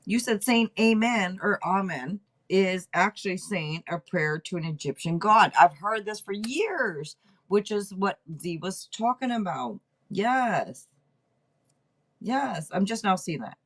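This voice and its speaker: A woman's voice: mid-range voice, expressive, slow, a bit bright. A woman hosting a casual livestream, chatting loosely and swearing now and then as she reads names off a list. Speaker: podcast host reading tarot for a live chat.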